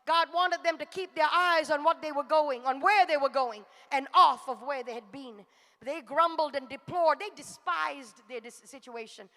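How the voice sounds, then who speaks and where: A woman's voice: high-pitched, sharp tone, in a large hall. A woman preacher delivering a fervent sermon to a congregation. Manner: fervent, rising to exhortation.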